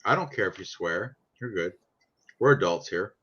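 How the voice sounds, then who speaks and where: A man's voice: sits low, expressive, normal speed, a bit bright, slightly rough. A man chatting casually about sports picks in a brash, profane, joking way. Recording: dull lo-fi sound.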